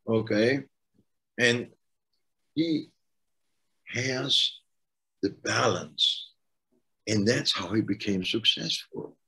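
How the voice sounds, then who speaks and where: A man's voice: mid-range voice, a bit bright, slightly rough, poor audio. A middle-aged man with a German accent, a coach talking casually and stressing his points by repeating them. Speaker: life coach, co-host. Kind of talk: casual conversational coaching talk.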